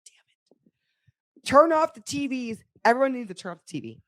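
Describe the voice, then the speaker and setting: A woman's voice: high-pitched, very animated, quick pace, fairly bright tone, dry recording. Ranting, swearing woman podcast co-host. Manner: ranting, swearing, mock outrage. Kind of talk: casual chat.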